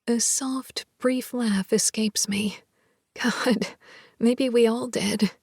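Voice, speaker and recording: A woman narrating a first-person romance in a soft, half-whispered voice. Her pitch sits a little high, her pace is unhurried, and her tone is breathy, recorded dry and close. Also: fairly even intonation, no echo. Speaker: audiobook narrator.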